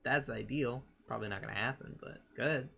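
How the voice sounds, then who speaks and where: Excitable bright-voiced game player. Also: male voice, mid-range voice, fairly quick, vocal fry, husky. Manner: excitable, rambling, self-mocking. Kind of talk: casual tabletop game chat.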